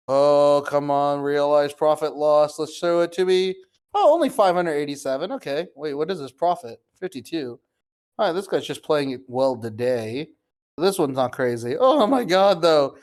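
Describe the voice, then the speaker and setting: A man's voice: a little high, expressive, moderate pace, darkish tone. A young man, talking casually as he clicks through wallets on a stream, incredulous and swearing, addressing viewers as guys. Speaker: crypto streamer. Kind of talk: live screen-share commentary.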